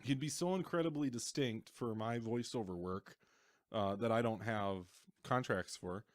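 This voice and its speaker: A man's voice: mid-range voice, normal speed, dry recording. A man co-hosting a podcast in a casual chat, joking at his own expense and stumbling over restarts. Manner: self-deprecating, tosses out ideas with stammered restarts. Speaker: podcast co-host.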